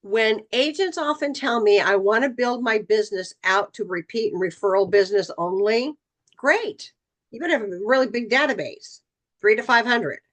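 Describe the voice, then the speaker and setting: A woman's voice: a little high, normal speed, a bit bright. A middle-aged woman leading a training session for real estate agents, talking casually and acting out bits of client dialogue. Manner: conversational, acts out client dialogue.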